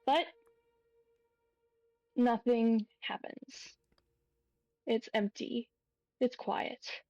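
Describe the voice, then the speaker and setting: A woman narrating as game master of a tabletop horror game, unhurried and pausing with fillers as she describes each scene. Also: a little high, steady tone, darkish tone, no echo, highs cut off.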